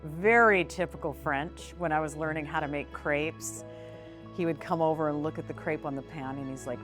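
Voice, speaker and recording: As an interview guest, a woman with a low voice discusses her business at a normal speed in a laid-back setting. Her talk is candid and lively, full of casual fillers, with quiet music in the background.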